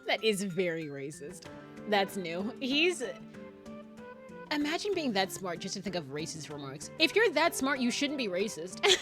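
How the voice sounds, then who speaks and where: A woman's voice: mid-range voice, big pitch swings, measured pace, over music. A woman streamer reacting to a game, laughing often, swearing and sounding incredulous. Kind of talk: live game commentary.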